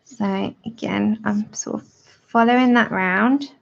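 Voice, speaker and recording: A woman's voice: mid-range voice, takes it slowly, gravelly. Chatty woman, lo-fi stream audio. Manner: chatty, greets viewers by name, laughs often. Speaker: art livestream host. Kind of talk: live colouring tutorial with chat.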